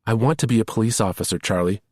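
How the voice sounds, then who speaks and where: A man's voice: on the low side, darkish tone, no room sound, clean studio sound, voice pushed up, natural voice. A man voicing an earnest young rookie woman. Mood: pleading. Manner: eager, pleading, fast-rising emotion.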